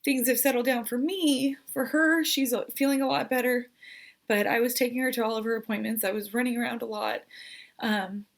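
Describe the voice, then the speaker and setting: Earnest pregnant woman vlogging, fairly high voice. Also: fairly even intonation, brisk, vocal fry. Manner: earnest, emotional, hesitant with many fillers. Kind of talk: casual vlog update.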